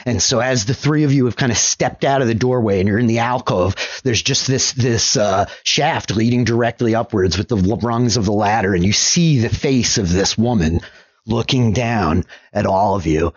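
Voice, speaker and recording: A man's voice: lowish voice, normal speed, husky, dry recording, muffled recording. A man narrating as game master of a tabletop game, loose and full of fillers.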